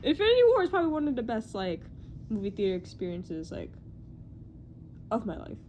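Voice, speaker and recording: Excitable young woman vlogger, lively high voice. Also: brisk, slight background noise. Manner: excitable, rambling, self-deprecating, lots of "like". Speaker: movie news YouTuber. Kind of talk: casual vlog chat.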